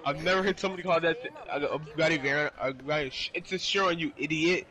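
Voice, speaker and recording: A man's voice: fairly high pitch, rapid-fire, crowd noise, rough recording. A young man gaming with friends who swears a lot and keeps repeating himself in disbelief. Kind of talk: frustrated gaming chat with friends.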